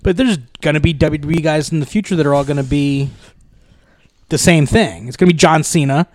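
A man's voice: a little high, brisk, a little mellow, dry recording. A man co-hosting a casual podcast about a movie, joking and swearing freely. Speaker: podcast co-host. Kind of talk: casual movie-review chat.

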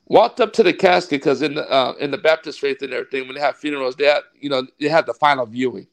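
A Baptist pastor from California telling a personal story in a rambling, heartfelt way, full of fillers. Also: male voice, mid-range voice, quick pace, vocal fry. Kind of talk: casual interview storytelling.

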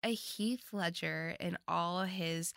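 Bright-voiced woman, giggly and gushing. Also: lowish voice, slow, gravelly, dry recording, studio quality. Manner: giggly, gushing, uses frequent profanity. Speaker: podcast co-host. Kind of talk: casual movie recap chat.

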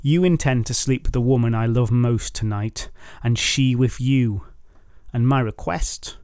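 A man's voice: medium pitch, unhurried, a little mellow, smooth, no echo, lightly acted. A man voicing a smirking villainous suitor who gloats in an oily, leering way, on a dry close mic. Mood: gloating. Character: smug villainous suitor with a triumphant leer.

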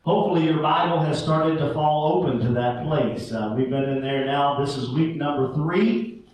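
A man's voice: on the high side, normal speed, a little mellow, a little hiss or hum. A man preaching a sermon as pastor, fervent and calling for responses from the congregation. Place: church sanctuary. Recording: very echoey room, mic far off.

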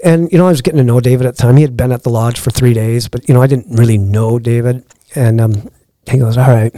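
Mellow-voiced middle-aged man telling stories. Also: medium pitch, fast, no echo. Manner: lively anecdote-teller who acts out quoted dialogue. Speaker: podcast guest, lodge owner. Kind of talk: casual storytelling.

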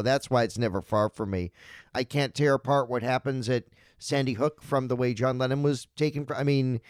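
A candid, outspoken man chatting casually as a podcast co-host. His voice sits at an ordinary middle pitch and sounds dry and close, with no room echo. He talks bluntly, sometimes swearing and cracking jokes. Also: clear, resonant tone. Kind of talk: casual chat.

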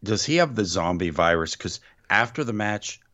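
Incredulous low-voiced man, animated. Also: moderate pace. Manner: blunt, incredulous objections. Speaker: wrestling podcast co-host. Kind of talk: casual recap chat.

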